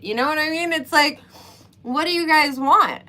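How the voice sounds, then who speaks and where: A woman's voice: fairly high pitch, steady tone, brisk, pushed and bright. A woman hosting a casual livestream chat, talking through her views with lots of fillers and frequent laughter. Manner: chatty, laughs often, many fillers. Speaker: livestream host.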